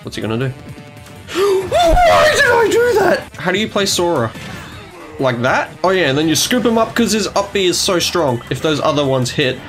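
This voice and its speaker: A young man commentating his own video game matches, excitable and quick to yelp, gasp and trash-talk. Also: fairly high pitch, music in the background. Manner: excitable, yelps and gasps at plays, trash talk. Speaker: gaming YouTuber. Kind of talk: gameplay commentary.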